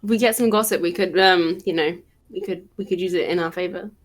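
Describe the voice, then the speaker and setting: A woman playing a tabletop game, chatty and quick to laugh. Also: fairly low pitch, fairly even intonation. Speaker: player.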